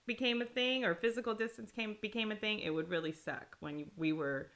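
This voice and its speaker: A woman co-hosting a casual couple's chat show, speaking in a measured, deliberate way when making a point. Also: mid-range voice, a bit bright. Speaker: podcast co-host.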